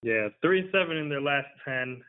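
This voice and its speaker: A man's voice: medium pitch, lively intonation, moderate pace, clean tone. An easygoing man talking sports as a podcast guest. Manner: easygoing, conversational. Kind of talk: casual podcast chat. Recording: tinny phone-like line.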